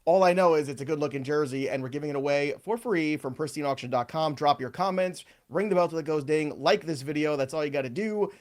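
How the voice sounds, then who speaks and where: Upbeat male sports podcast host, slightly high voice, joking. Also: fast, few pauses. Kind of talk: casual sports chat.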